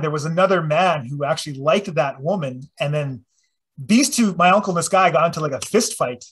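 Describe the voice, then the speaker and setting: Husky, high-voiced man telling stories. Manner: profane, animated storyteller. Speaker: presenter. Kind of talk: casual storytelling talk.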